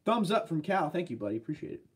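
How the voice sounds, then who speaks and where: Fast and sing-song, this man talks in a fairly high voice with a breathy edge. He has a Boston accent and a head cold, comes from New England, and hosts an easygoing livestream where he reads chat out loud and answers truck questions from viewers.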